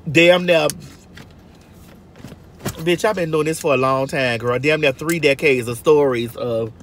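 A woman's voice: sits low, measured pace, slight background noise. A woman telling stories in a casual vlog from a moving car, brassy and profane, calling her listeners girl and honey. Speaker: vlogger.

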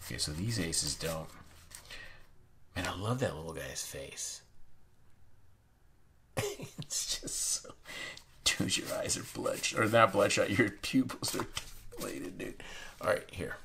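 A young man hosting a casual card unboxing, chatty and excitable, sometimes dropping to a hush. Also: low voice, slow pace, gravelly, long pauses. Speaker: playing card channel host. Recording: noisy room with card handling sounds. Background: shuffling cards and clicks.

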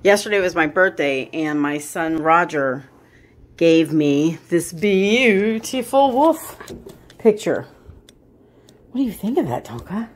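A woman's voice: lowish voice, expressive, slow pace. A woman filming her dog and talking to it in a playful, coaxing baby-talk voice, with frequent laughter. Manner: sing-song and coaxing, laughs often.

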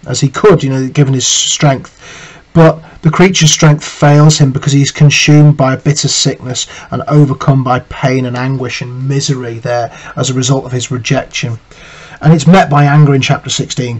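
A man's voice: medium pitch, steady tone, normal speed, low-quality recording. A male teacher giving a literature lesson, reading quotes aloud and analysing them, with frequent fillers and restarts. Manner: thoughtful, frequent "you know" fillers and restarts.

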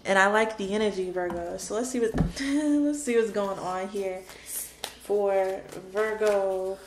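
A woman giving a spoken tarot card reading, emotional and dramatic, repeating her phrases for emphasis. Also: mid-range voice. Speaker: tarot reader. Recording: roomy echo with faint background noise.

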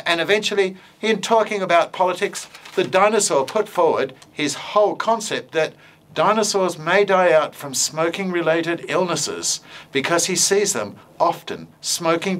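A man's voice: on the high side, fairly bright tone. A male educator giving an informal talk on using puppets in teaching, playful and full of fillers and hesitations, then telling a simple story.

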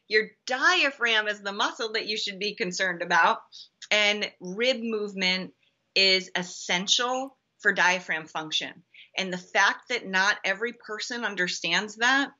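A woman's voice: mid-range voice, pushed and bright, lo-fi sound. A woman guest on a podcast interview, explaining emphatically with many ums and restarts. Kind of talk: conversational interview answer.

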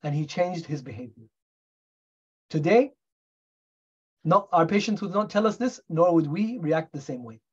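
A man's voice: fairly high pitch, animated, normal speed, pauses often, breathy edge, dull audio. A middle-aged man from the UK, a doctor giving a talk on medical history in a storytelling way, often asking the audience rhetorical questions. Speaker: guest speaker, doctor.

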